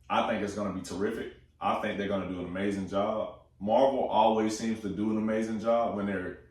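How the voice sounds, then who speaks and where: Young man, fairly low voice, excited slangy movie chat, swears a lot; echoey room, mic set back. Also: recorded from a distance. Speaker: movie talk host.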